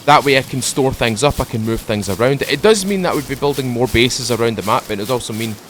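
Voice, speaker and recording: A man at home talking into a desk microphone, giving a relaxed, rambling commentary while playing a game. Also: mid-range voice, fast talker, soft background music. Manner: rambling, chatty, drifts off topic; mellow, laid-back morning mood. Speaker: gaming channel host. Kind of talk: casual let's-play commentary.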